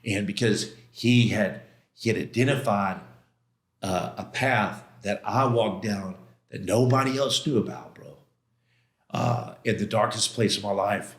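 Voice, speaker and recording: A middle-aged man, appearing as a podcast guest, retells a personal story with intense emotion, using casual slang and lots of quoted exchanges and restarts. His voice is on the low side and his pace is measured. The recording has a roomy echo.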